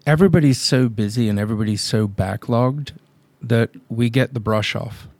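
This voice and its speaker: A man's voice: medium pitch, moderate pace, darkish tone, dry recording. A man who owns a drone company, a podcast guest telling blunt, emphatic stories and acting out his clients' lines. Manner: blunt, emphatic storytelling that acts out client dialogue. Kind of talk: casual podcast interview.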